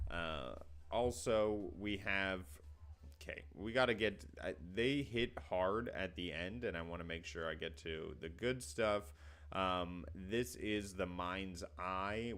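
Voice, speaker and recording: A man's voice: low voice, fairly bright tone, clean tone. A man co-hosting a casual video game reaction chat, talking with easygoing, upbeat enthusiasm. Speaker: co-host.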